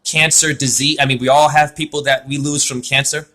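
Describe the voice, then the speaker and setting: A man's voice: mid-range voice, level tone, fairly quick, pushed and bright. A man giving a spiritual name reading over a video call, talking in an effusive, rambling way full of wordplay.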